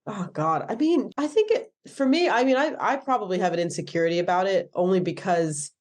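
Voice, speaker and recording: A woman's voice: medium pitch, animated, a little fast, a little mellow. Woman in her thirties, American accent, chatty, lots of "like"s, casual interview. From England. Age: 30s. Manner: chatty, many "like"s and self-corrections. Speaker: stand-up comedian.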